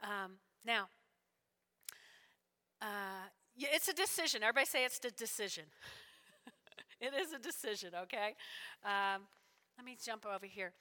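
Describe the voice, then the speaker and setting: A woman preaching a sermon in a church, animated and repetitive, often checking in with her listeners. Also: mid-range voice, moderate pace, pauses often. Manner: animated, repeats lines, checks in with "all right?". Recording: long hall reverb.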